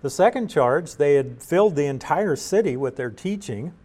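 A man's voice: a little high, lively intonation, a little mellow. Man teaching scripture verse by verse. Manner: measured, explanatory, with frequent uhs and restarts. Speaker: Bible teacher.

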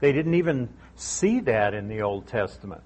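A middle-aged man teaches verse by verse through a Bible passage in a relaxed, conversational way. He repeats his key points to drive them home, and his voice sits at an ordinary middle pitch. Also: normal speed, breathy edge.

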